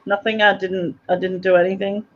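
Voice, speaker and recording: A woman's voice: medium pitch, flat delivery, fairly quick. A woman hosting a casual livestream chat over a video call, giggly and self-deprecating. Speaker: host. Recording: dull lo-fi call audio.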